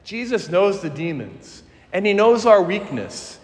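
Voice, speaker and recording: Slow, high-voiced preacher in reverberant church. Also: male voice, sing-song. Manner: earnest, emphatic preaching with slow deliberate phrasing. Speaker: priest. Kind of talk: sermon.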